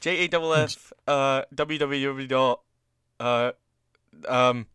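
A man's voice: medium pitch, fairly even intonation, fairly bright tone, smooth, dry recording. A man co-hosting a podcast in casual chat, laughing often and joking crudely. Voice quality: laughs a lot, crude joking, slow drawl. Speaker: podcast co-host.

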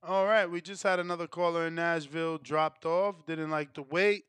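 A man hosting a boxing call-in show, taking callers and reading out poll results in a relaxed, slangy way. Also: a little high, moderate pace, few pauses, clean tone, no room sound. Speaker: podcast host taking calls.

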